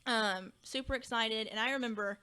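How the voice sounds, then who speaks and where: A young woman from Kentucky tells a personal story as a podcast guest, with a fairly high, bright and forceful voice. She acts out past conversations with lively energy. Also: moderate pace, smooth. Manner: animated, acts out past dialogue. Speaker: podcast guest, second grade teacher.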